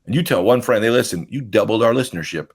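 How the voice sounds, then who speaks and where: A man co-hosting a comedy podcast, telling anecdotes with animated quoted voices. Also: on the low side, fast, husky. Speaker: podcast co-host. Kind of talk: casual comedic chat.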